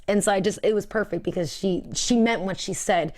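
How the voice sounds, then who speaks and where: A woman co-hosting a film review chat, talkative and giggly. She keeps a middle pitch and breaks into laughter as she replays her favorite moments. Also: fairly quick, few pauses. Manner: chatty and giggly, acts out scenes. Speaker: co-host of a movie review show.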